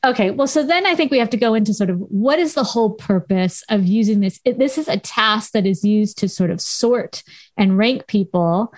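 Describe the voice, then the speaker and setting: A Southern Californian woman speaks in a medium-pitched voice, frank and teacherly as she pushes back on questions. The sound is dry and close, with no room around it. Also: lively intonation, normal speed, no echo. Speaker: podcast co-host, former high school English teacher. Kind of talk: casual chat.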